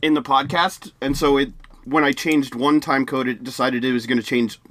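A podcast co-host chats casually, rambling and correcting himself, with frequent restarts along the way. His voice is medium-pitched and a bit bright, with a steady tone at a moderate pace.

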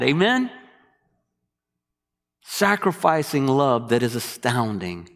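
A man preaching a sermon, animated, asking the congregation questions and waiting for answers. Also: a little high, long reverb tail.

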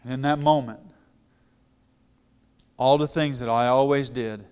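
A middle-aged guest pastor with a smooth, resonant voice at an ordinary pitch for a man. He tells his own story plainly and conversationally, then rises into louder, fervent preaching. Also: steady tone, a little slow. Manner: conversational testimony, grows louder and more fervent when preaching. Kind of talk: storytelling sermon.

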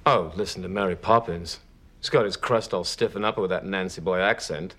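A mocking English vampire. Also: male voice, low-pitched, a little fast, fairly bright tone. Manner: mocking, swearing. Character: brash male vampire, suddenly English.

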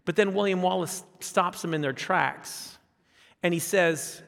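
A man in his fifties preaching a sermon as a pastor, animated, repeating phrases and asking rhetorical questions. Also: fairly high pitch, brisk, vocal fry. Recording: long hall reverb.

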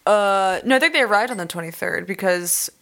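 A woman's voice: mid-range voice, brisk, pushed and bright. A young adult woman co-hosting a podcast, chatting casually and playfully about a movie, swearing now and then. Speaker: podcast co-host.

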